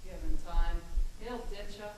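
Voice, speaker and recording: A woman's voice: on the low side, a little slow, close to an everyday voice. An actress playing a blunt, scornful woman aide to a politician, on an echoey stage recorded from afar. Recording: echoey stage miked from far, faint noise.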